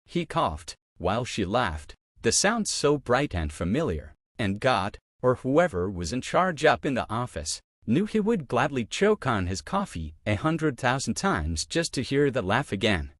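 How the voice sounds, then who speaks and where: Male narrator, audio love story, expressive, lively pitch, dry close sound. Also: unhurried, hardly any pauses, no echo. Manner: expressive, emotional reading.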